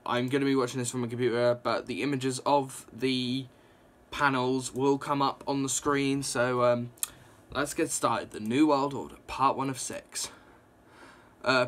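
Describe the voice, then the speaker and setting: A young man casually reviewing a comic book, rambling and excitable, with lots of fillers and restarts. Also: mid-range voice. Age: young adult.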